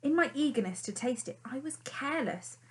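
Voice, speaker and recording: A woman's voice: high voice, lively intonation, fairly quick. A woman reading an audiobook and voicing a proud, ungrateful male fox who talks in a haughty, cross way. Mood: self-reproaching. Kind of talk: audiobook character voice.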